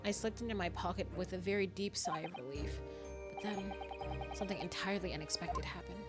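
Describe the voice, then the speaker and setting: A woman reads out a man confessing his crime, in a low-ish, measured voice. The lines carry a quiet, lightly dramatic weight, read over clear game music. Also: lightly acted. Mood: solemn. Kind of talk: reading game text aloud.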